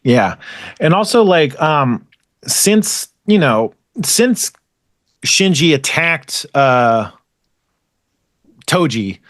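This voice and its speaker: A man's voice: on the high side, sing-song, drawn-out words, long pauses, fairly bright tone, no echo, clean studio sound. A man hosting a podcast, casually recapping an episode in a rambling, filler-heavy way with many restarts. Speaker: podcast host recapping an anime. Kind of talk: casual chat.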